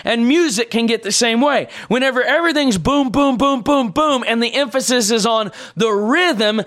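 High-voiced emphatic male preacher. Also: fairly bright tone. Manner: emphatic, repetitive preaching with everyday examples. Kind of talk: sermon.

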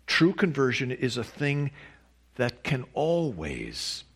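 Slow, deliberate male preacher. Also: medium pitch, huge pitch swings, fairly bright tone, slightly rough. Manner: slow, deliberate preaching with emphatic rises on key words. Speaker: pastor. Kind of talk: sermon.

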